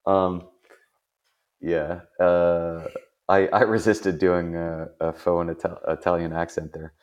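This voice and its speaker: A man's voice: sits low, little pitch movement, slow pace, lo-fi sound. A man hosting a podcast in casual chat, rambling and self-deprecating, laughing often. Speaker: podcast host.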